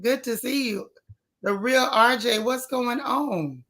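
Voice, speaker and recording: A woman's voice: a little high, slow, a bit bright. A woman hosts a casual live stream, greeting viewers one by one in a folksy, chatty way. Her voice sounds strained and a bit worn. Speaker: livestream host.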